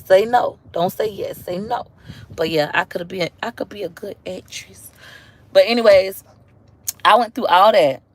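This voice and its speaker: A woman in her thirties with an African American accent, chatting casually on a livestream and swinging into high mocking voices now and then. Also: moderate pace, dry recording. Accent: African American English. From Tampa, Florida. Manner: animated and chatty, drops into high mocking voices when quoting others. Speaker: livestream host.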